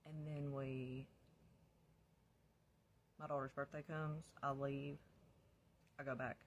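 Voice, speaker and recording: There's a faint hiss or hum as a woman looks back on her life in a slow, level, rumbling low voice. The storytelling is frank and relaxed; she laughs at points and whispers the lines she once said herself.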